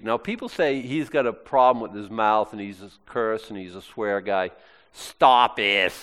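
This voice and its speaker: A man preaching a sermon, acting out quoted lines in shifting voices. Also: mid-range voice. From Maine, US. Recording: long hall reverb.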